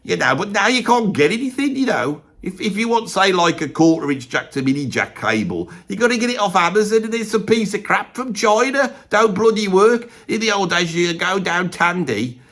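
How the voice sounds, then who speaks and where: A man's voice: sits high, very animated, normal speed, few pauses, fairly bright tone, full character voice. A man playing a rambling, gossipy middle-aged Birmingham bloke and ex-roadie, with a Birmingham accent, swearing mildly and wandering off topic. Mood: rambling grumbling. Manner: rambling, peppered with "bloody", chummy asides. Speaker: comedy character ranking bands. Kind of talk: rambling comic monologue to camera.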